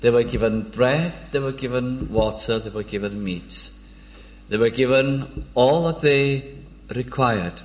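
Man, preacher, informal sermon, middle pitch, hesitant restarts, measured reading of old verses. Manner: unhurried, with frequent hesitations and restarts.

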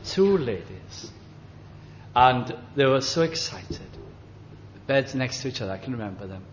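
Gentle older man preaching, halting. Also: mid-range voice, expressive, lo-fi sound, slight background noise. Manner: gentle, halting, with many fillers and restarts. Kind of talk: reminiscing sermon.

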